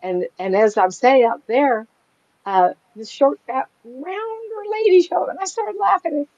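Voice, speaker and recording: An older woman, a psychic medium, telling anecdotes in a chatty, animated way and laughing often as she talks. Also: high-pitched, normal speed, no room sound. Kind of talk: casual storytelling in an interview. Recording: dry, slightly dull lo-fi sound.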